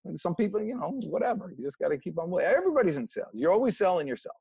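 A man talks as an interview guest, pushing motivational advice with a preachy energy. His voice sits high and swings widely in pitch. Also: big pitch swings, very fast, gravelly, darkish tone, breathy edge. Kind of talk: casual interview talk.

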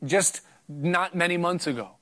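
A middle-aged man preaching through a personal story in a loose, conversational way. His voice sits a bit high for a man, and it lifts further when he drives home a point. He sounds earnest and anecdotal rather than formal. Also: unhurried, sharp tone. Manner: earnest, anecdotal, rises in pitch for emphasis. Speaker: preacher sharing testimony.

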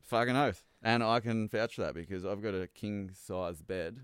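A man's voice: fairly low pitch, normal speed, smooth, no echo, studio quality. An Australian man co-hosting a podcast, laid-back and sweary in casual banter. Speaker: podcast co-host.

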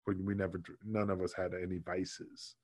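A former wrestler tells stories in a casual interview, swearing freely, animated, and acting out what people said. His voice is deep, at a moderate pace.

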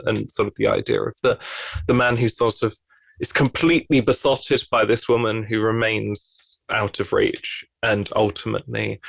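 A man's voice: medium pitch, vocal fry, a bit bright, dry recording. A man in casual film discussion, thoughtful and hesitant, with many fillers and restarts. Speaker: podcast co-host.

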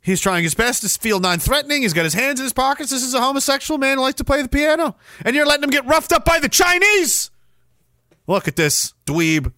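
A man hosting a stream, giving sarcastic, mocking commentary on a video clip and breaking into shouts. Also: very high-pitched, animated, a little fast, dry recording, studio quality. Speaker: stream host.

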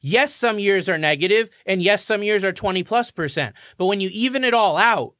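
A man's voice: high-pitched, lively intonation, normal speed, sharp tone, no room sound, clean studio sound. A man co-hosting a radio show, explaining mortgages in a confident, explanatory way. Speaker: mortgage expert co-host.

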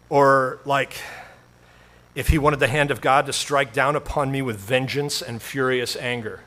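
A man's voice: medium pitch, moderate pace, fairly bright tone. A male pastor preaching a sermon in a conversational storytelling way, with self-deprecating humor.

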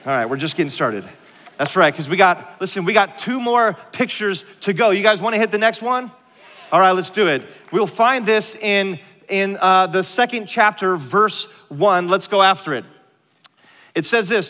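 A middle-aged male pastor delivers a sermon in a large church, his voice slightly high and bright with a forceful edge. He swings between playful, animated storytelling and hushed, earnest moments. A long reverb from the hall trails behind every phrase. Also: moderate pace. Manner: animated, joking storyteller who drops to a hushed tone for serious moments.

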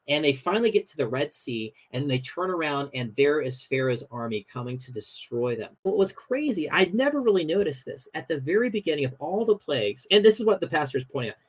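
A young man, a guest on a podcast, telling a story in a casual, animated way with lots of fillers. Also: on the high side, breathy edge, rough recording.

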